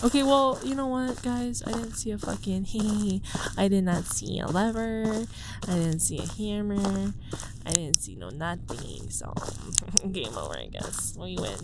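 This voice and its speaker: A woman's voice: medium pitch, expressive, a little slow, background noise. A young woman hosting a horror game let's-play, jumpy and swearing, who keeps dropping into a whisper and laughs nervously. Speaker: gaming video host. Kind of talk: casual let's-play commentary.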